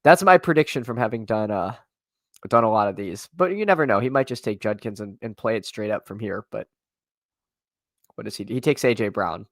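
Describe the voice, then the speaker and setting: A man's voice: fairly low pitch, lively intonation, fairly quick, a bit bright, dry recording. Chatty man on a dry live stream. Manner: rambling, many restarts and fillers, talks to chat. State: voice tiring. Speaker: streamer and fantasy football drafter. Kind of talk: casual live-stream commentary.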